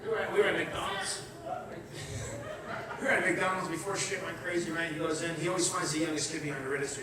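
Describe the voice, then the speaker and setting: A middle-aged man performing a brash, profane stand-up comedy set with shouted bursts. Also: fairly high pitch, quick pace, crowd noise. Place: comedy show venue. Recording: echoey room, distant mic, audience.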